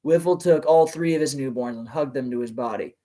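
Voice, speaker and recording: A man hosting a live reading of fan fiction, narrating and breaking in with loud, excitable exclamations. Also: mid-range voice, a little fast. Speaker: channel host, reader.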